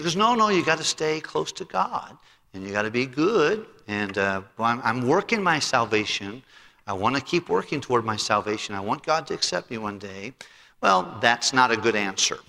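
Middle-aged pastor guy preaching, gravelly bright voice, big hall echo. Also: mid-range voice, moderate pace. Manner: animated, acts out both sides of a conversation. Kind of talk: sermon storytelling. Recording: long hall reverb.

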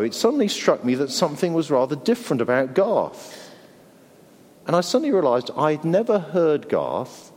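Middle-aged English pastor, conversational sermon, animated pitch, wry humour. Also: male voice, big-room sound. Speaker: preacher.

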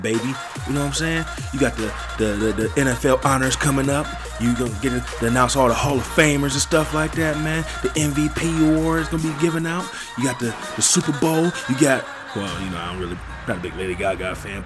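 Hyped-up man hosting a sports podcast. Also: medium pitch. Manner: hype, slangy, repeats "man" and "y'all". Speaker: podcast host. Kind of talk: hyped-up solo podcast intro.

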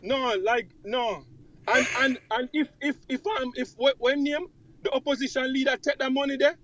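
A man's voice: very high-pitched, steady tone, moderate pace, a bit bright, no room sound, rough recording. A man from Jamaica with a Jamaican accent, arguing indignantly in a panel discussion, repeating himself and slipping into patois. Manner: indignant, repetitive, switching into patois. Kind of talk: heated casual discussion.

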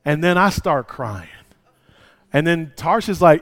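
A male pastor preaching a sermon, moving from quiet personal storytelling to loud, impassioned preaching. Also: fairly high pitch, expressive, takes it slowly.

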